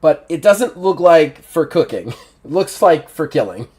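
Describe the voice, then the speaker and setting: Animated man running a tabletop game. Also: on the high side, a little slow. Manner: animated, laughing often. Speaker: game master.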